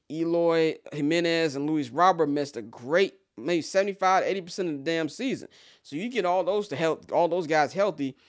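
A man from Chicago giving a casual, blunt and profane sports rant as a commentator, opinionated throughout. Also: on the high side.

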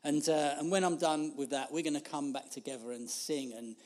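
A man's voice: on the high side, steady tone, a little fast, a little mellow. A man, preaching an informal sermon in a chatty, self-deprecating way and laughing through his asides. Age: 50s.

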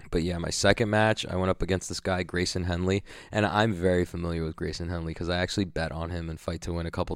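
With a low, creaky, resonant, clear voice, a young grappler looks back on his competition day in a casual vlog. He swears freely and rambles, dropping "like" and fillers constantly, in studio-quality audio with no room sound.

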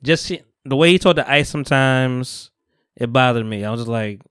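A man's voice: mid-range voice, moderate pace, fairly bright tone, clear, resonant tone, no echo, studio quality. A man co-hosting a podcast in casual chat, talkative and hedging, often stumbling over his words and laughing. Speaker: podcast co-host.

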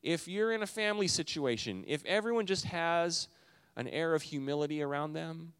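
A man's voice: a little high, normal speed, fairly bright tone, clear, resonant tone, big-room sound. Earnest conversational male pastor preaching. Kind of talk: sermon.

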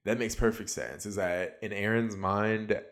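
A man's voice: lowish voice, fairly even intonation, a little slow, a bit bright. A man giving a casual, sarcastic solo recap of a reality show, full of likes and ums.

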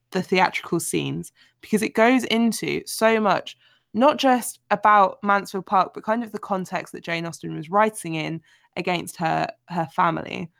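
A woman hosting a casual book discussion, talking in an animated, chatty way with frequent filler words. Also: medium pitch, gravelly, no echo, studio quality. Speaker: podcast host.

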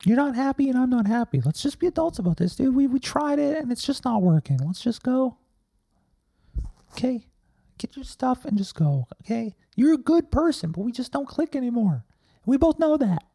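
A man putting on a high, whiny voice as a man pleading his way through a breakup. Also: very animated, normal speed, creaky, warm tone, slightly rough, no echo, exaggerated voice. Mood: pleading, exasperated. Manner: pleading, exasperated breakup plea.

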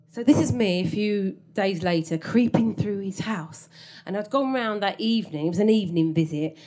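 A woman's voice: medium pitch, moderate pace, a little mellow. A woman telling a comic story from her own life on stage, wry and self-mocking, often laughing through her lines.

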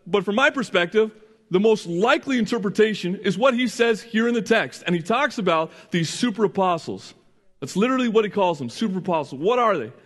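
A middle-aged man with a notably high voice preaches a sermon, earnestly putting questions to the congregation. He restarts phrases often and checks in with "right?" and "okay?". His voice carries a long reverb, as in a large hall. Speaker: pastor.

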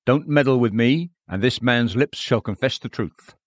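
A fawning, deceitful evil spirit bargains in a wheedling tone, spoken by a man reading a sermon aloud. The voice sits in a middle male pitch. It is recorded close and dry. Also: moderate pace, no echo, close to an everyday voice.

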